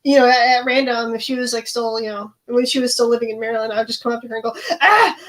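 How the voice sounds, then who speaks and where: High-voiced giggly woman. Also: level tone, racing. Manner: self-deprecating, giggly. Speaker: podcast co-host. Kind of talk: casual chat.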